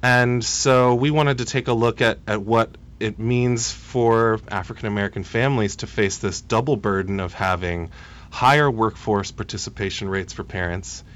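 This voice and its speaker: Halting, smooth-voiced man in his thirties. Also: fairly low pitch, a bit bright. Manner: hesitant, halting, many restarts. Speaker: policy analyst guest. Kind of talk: radio interview.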